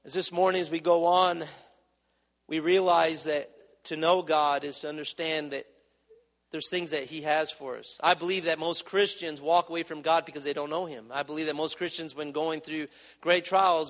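Male preacher, high voice, impassioned sermon, reverberant church hall. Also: steady tone, moderate pace, a bit bright. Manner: impassioned, rising and dropping in volume, acting out prayers.

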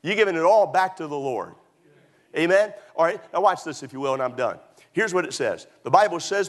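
A man preaching a sermon as a pastor, telling stories with sudden high whoops and shouts. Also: lively intonation, brisk. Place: church auditorium.

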